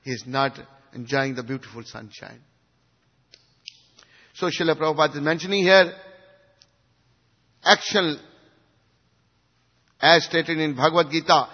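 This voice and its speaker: Husky man giving a devotional lecture. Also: fairly high pitch, measured pace, pauses often. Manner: swings from hushed to emphatic, asks the audience questions. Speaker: spiritual teacher. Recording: dull recording in a reverberant hall.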